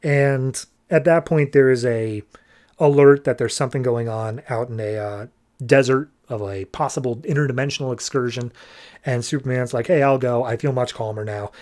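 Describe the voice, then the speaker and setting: A man's voice: medium pitch, normal speed, a little mellow. A man hosting a comic book podcast, loosely retelling a story in casual chat and paraphrasing the characters' dialogue with lots of "like".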